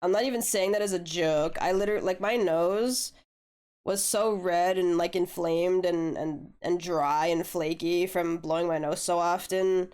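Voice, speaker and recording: A young woman talks through her drawing on a live stream, relaxed and laid-back, dropping swear words as she goes. Her voice sits a bit low and comes across smooth and clear, with a slight hoarseness left over from a flu. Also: unhurried. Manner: laid-back, swears casually, chats with viewers. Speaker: art streamer. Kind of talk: casual chat while drawing on stream.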